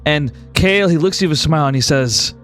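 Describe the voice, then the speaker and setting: High-voiced man narrating as game master. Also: animated, fast talker, fairly bright tone, soft background music. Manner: loose, full of likes and restarts.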